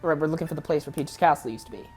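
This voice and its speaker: A woman's voice: low voice, rapid-fire, darkish tone, a little hiss or hum. A woman giving casual, rambling let's play commentary, frank and often correcting herself.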